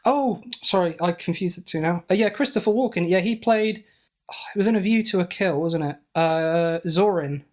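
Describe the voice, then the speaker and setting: A man's voice: high-pitched, normal speed, a little mellow. A man co-hosting a podcast in casual banter, hesitant and giggly with many fillers. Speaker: podcast co-host.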